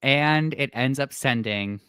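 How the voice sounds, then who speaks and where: A man co-hosting a casual podcast chat, lively and expressive. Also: mid-range voice, takes it slowly, smooth, no room sound, studio quality. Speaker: podcast co-host.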